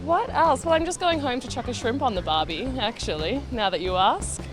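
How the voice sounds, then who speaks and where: A woman's voice: fairly high pitch, lively intonation, a little fast. Playful Australian woman joking on the street. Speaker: street interviewee. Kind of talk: casual street interview. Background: background music.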